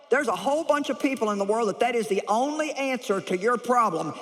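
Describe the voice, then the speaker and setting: A woman's voice: a little high, expressive, fairly quick. Blunt woman preacher in an echoey hall. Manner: blunt, humorous, chuckles often. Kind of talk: lively sermon.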